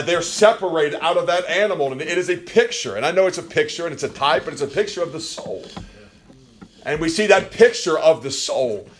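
A man preaching a sermon with passion, swinging from quiet, low passages to loud, near-shouted peaks. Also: slight background noise.

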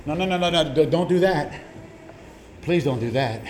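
A middle-aged male pastor preaching a sermon, telling stories and repeating words as he builds to shouted lines. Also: fairly high pitch, expressive, moderate pace, echoey room, faint music behind. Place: church sanctuary.

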